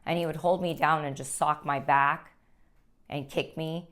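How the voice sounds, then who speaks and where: Low-voiced woman giving earnest testimony. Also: steady tone. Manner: earnest, halting, with frequent restarts. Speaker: guest sharing her life story. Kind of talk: personal testimony.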